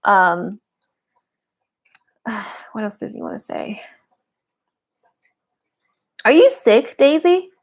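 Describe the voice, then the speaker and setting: A woman's voice: mid-range voice, sing-song, very slow, creaky, pauses often. A woman giving a live-streamed tarot and oracle card reading, chatty and giggly, with a lot of "like" fillers.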